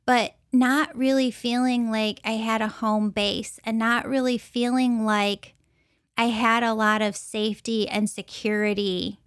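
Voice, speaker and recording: An earnest woman tells a personal story, taking her time and lingering over each phrase. Her voice sits a little high and she circles back to repeat key words for weight. The sound is close and dry. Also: level tone, unhurried, clear, resonant tone, no echo. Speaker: intuitive reader.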